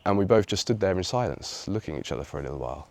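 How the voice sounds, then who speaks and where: Low-voiced English man telling a story. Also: racing. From England. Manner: reflective, animated when quoting others. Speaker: vlogger. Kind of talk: personal storytelling.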